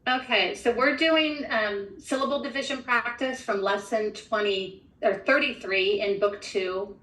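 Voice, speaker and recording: A woman's voice: a little high, a little slow, a bit bright, distant mic. A woman trainer modeling a phonics lesson, explaining each step methodically. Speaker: literacy trainer. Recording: echoey room from off-mic.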